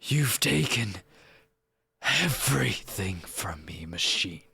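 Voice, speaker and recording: A man voicing a wrathful, grandiose male angel in a slow, menacing, raspy declamation. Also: lowish voice, very animated, pushed and bright, dry recording, full character voice. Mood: brooding. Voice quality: raspy, gravelly. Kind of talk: live-streamed voice acting.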